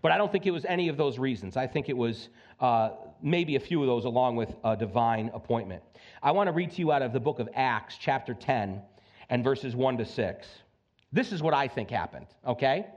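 A man preaching a sermon to his congregation in a lively, conversational way, often checking in with "okay?" and acting out voices. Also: mid-range voice, a little fast, dull audio. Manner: animated, conversational, acts out voices, keeps asking "okay?". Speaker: pastor. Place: church sanctuary.

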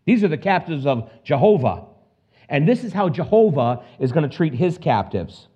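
A man preaching an expository Bible sermon, animated, acting out scenes with quick put-on voices and casual asides. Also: fairly high pitch, breathy edge. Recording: dull lo-fi recording.

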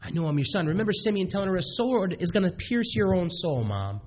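A preacher softly voicing a meek gentle boy. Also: sits high, sing-song, a little fast, lo-fi sound, slight background noise, pitched above the performer's own voice. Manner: soft, hushed, tender. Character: gentle meek twelve-year-old boy Jesus.

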